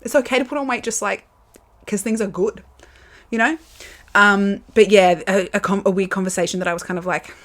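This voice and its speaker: A woman's voice: mid-range voice, fairly even intonation, fairly quick, fairly bright tone. A young Australian woman hosting a solo podcast, talking candidly and casually with lots of fillers and the odd swear word. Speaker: podcast host. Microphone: camera with built-in mic.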